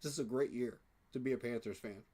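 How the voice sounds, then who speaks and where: A man talking excitedly in a casual fan reaction vlog, emotional and repeating himself. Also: medium pitch, fast, breathy edge. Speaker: sports fan vlogger.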